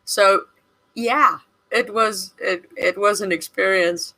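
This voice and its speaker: A woman's voice: medium pitch, takes it slowly, pushed and bright, rough recording. A woman co-hosting a livestream, easygoing, chatting and answering viewers' comments. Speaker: livestream co-host. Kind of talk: casual livestream chat.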